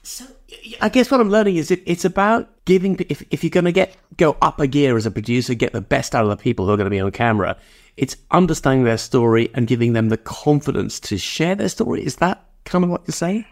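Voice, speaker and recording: A fairly high-pitched man speaks fast with lively intonation. He's hosting an interview podcast, laughing easily and asking curious questions in a conversational style.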